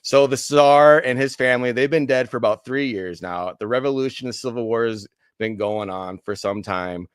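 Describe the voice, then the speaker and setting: A man co-hosting a casual history podcast, setting up the story and prompting with relaxed, playful questions. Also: mid-range voice, moderate pace, few pauses, smooth, dry recording, clean studio sound. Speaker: podcast co-host asking questions.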